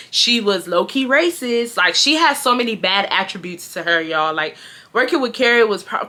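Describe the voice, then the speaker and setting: Bright-voiced blunt young woman vlogger. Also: fairly low pitch. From Houston, USA. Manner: animated, blunt, addresses viewers as y'all. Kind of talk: casual storytime monologue.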